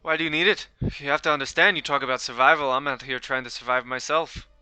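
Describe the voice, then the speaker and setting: A man's voice: mid-range voice, fairly even intonation, fast, pushed and bright, clear, resonant tone, dry recording, poor audio. A man voicing a shifty, joking male gang leader in a put-on British or Irish accent. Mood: sly. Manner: joking, wheedling.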